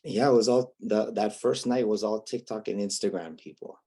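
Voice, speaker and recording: A man's voice: fairly low pitch, normal speed, warm tone, breathy edge. A man from Hawaii with a Hawaiian accent, chatting as a guest comedian in a laid-back, wry, self-mocking way. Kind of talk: casual interview chat.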